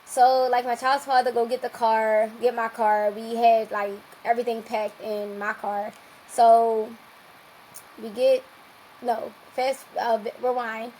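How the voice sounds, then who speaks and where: A young woman, a podcast guest, telling a long personal story in a lively, casual way and acting out what people said. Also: on the high side, unhurried, a little hiss or hum, poor audio. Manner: lively, acts out quoted dialogue.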